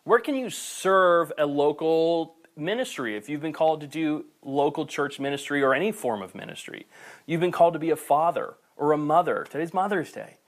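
Male pastor, higher register, fervent sermon delivery with casual, playful asides. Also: moderate pace. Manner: passionate, builds to near-shouting then softens. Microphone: camera recording.

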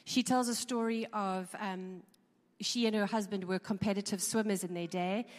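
A woman's voice: medium pitch, fairly even intonation, normal speed. A woman giving an informal talk to a live audience, conversational and chatty, with frequent ums and repeated words. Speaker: speaker. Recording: long reverb of a large hall.

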